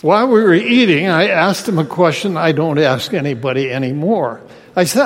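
A man's voice: fairly high pitch, lively intonation, normal speed. A man preaching a sermon as pastor, praying and putting rhetorical questions to the congregation. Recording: long hall reverb.

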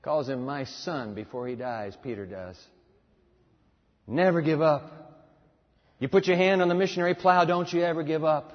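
A man's voice: a little high, moderate pace, long pauses. A man preaching a dramatic storytelling sermon that acts out the dialogue, in an echoey hall on a dull lo-fi recording.

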